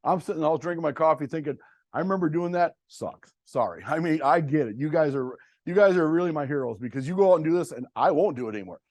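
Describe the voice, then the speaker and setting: A man's voice: on the high side, racing, hardly any pauses, a little mellow, dry recording. A middle-aged man giving a farm workshop presentation to farmers on cover crops, talking in a blunt, folksy and plainspoken way. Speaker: cover crop seed dealer presenting to farmers.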